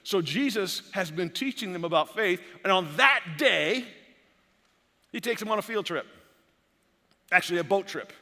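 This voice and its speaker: A man preaching a sermon as a pastor, animated and full of repeated words and restarts. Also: high-pitched, long reverb tail. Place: church sanctuary.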